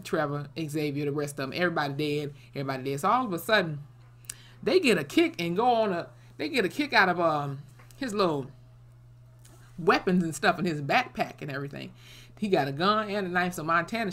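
Low-voiced woman recapping a TV episode. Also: animated, fairly quick, fairly bright tone. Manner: blunt, salty, many "you know" fillers. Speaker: TV episode reviewer.

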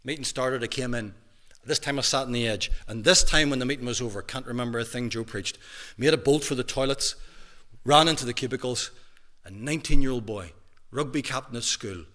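Northern Irish male minister, 50s, bright and forceful tone, preaching testimony in a church hall. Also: medium pitch, fairly quick. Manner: emphatic preaching with big swings from hushed to loud. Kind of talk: testimony sermon.

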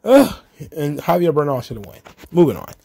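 A man's voice: fairly high pitch, expressive, fast, gravelly, darkish tone, slightly rough. Exasperated profane man ranting. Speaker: wrestling commentary host. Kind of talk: casual solo recap commentary.

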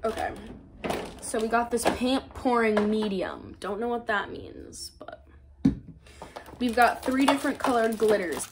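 A woman's voice: a little high, animated, a little slow, very noisy. Chatty young woman vlogging at home. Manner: chatty, self-mocking, rambling. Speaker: YouTuber. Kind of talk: casual vlog chat.

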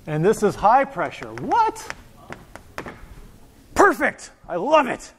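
A physics professor gives a live lecture in a high voice, joking and talking straight to his students. He sounds casual and loose. His voice rings with the long reverb of a large lecture hall. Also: very animated, moderate pace, slight background noise. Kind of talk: university lecture.

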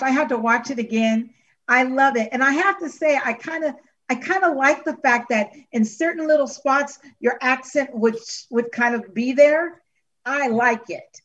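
Woman, high voice, effusive coach feedback, distant muffled audio. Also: normal speed, slightly rough. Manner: warm, effusive, calls singer honey. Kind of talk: judge's feedback.

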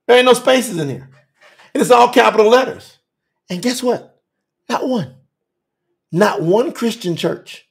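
High, gravelly fiery preacher man. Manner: emphatic, repetitive, swings from shouting to hushed. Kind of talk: fiery telethon sermon.

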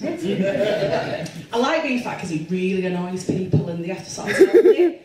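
A woman in her forties performing a stand-up comedy set, self-deprecating and bawdy with deadpan asides. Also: mid-range voice, moderate pace, far from the mic. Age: 40s. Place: comedy club stage with audience. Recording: roomy live club sound with crowd laughter.

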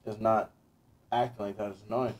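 Mellow-voiced man co-host, laid-back. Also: lowish voice, steady tone, fairly quick. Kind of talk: casual chat while setting up a game.

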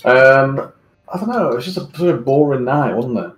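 A man, teasing his friends loudly in a gaming voice chat and laughing often. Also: medium pitch, lively intonation, moderate pace, reverberant. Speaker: gamer in voice chat. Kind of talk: casual banter.

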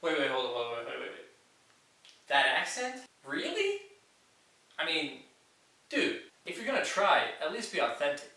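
A man delivering mocking, sarcastic commentary as a comedy vlog reviewer. His voice is bright and slightly high. It sounds distant and very echoey. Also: animated, fast talker, hardly any pauses.

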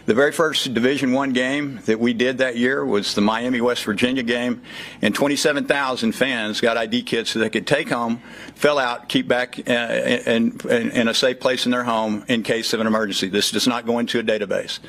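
A man's voice: medium pitch, fairly even intonation, fairly quick, fairly bright tone. Man, 50s, Southern Texas accent, folksy speaker at a press event, filler-heavy. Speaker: child safety program speaker. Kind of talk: speech at a press conference.

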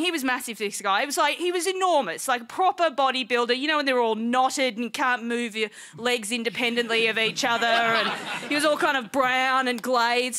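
A high, bright-pitched Australian woman delivers a stand-up routine on a studio stage, chatty and playful, often laughing into her punchlines. The stage mic carries a clear layer of noise under her voice. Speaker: stand-up comedian. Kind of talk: stand-up comedy set. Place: TV studio stage with live audience.

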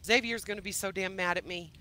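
A woman's voice: medium pitch, steady tone, fast, pushed and bright. A woman playing her own character in a roleplay game, heated, emphatic and swearing. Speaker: roleplay player.

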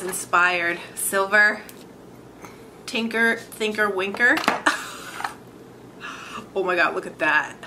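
A woman beauty vlogger excitedly unboxing makeup, gasping and gushing as she talks. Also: medium pitch, background noise. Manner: gushing, gasping, many "oh my god"s.

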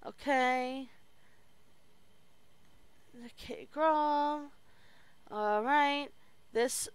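A high-pitched woman narrates her own video game playthrough, muttering to herself between louder comments. The recording carries a steady hiss beneath her voice. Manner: talks to herself while working, mutters under her breath. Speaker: streamer. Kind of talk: let's play commentary.

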